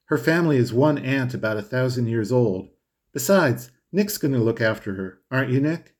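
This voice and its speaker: A breezy, teasing rich young woman with a lifted, lively voice, as a male audiobook reader puts her on. She talks in a breathy, animated rush, full of playful insistence. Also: mid-range voice, moderate pace, close to an everyday voice.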